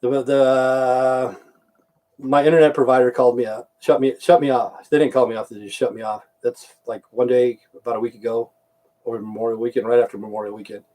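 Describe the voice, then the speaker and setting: A man's voice: medium pitch, fairly even intonation, brisk, a little mellow. Profane, ranting American man. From United States. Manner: profane, repetitive, heated. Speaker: vlogger. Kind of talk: angry ranting monologue.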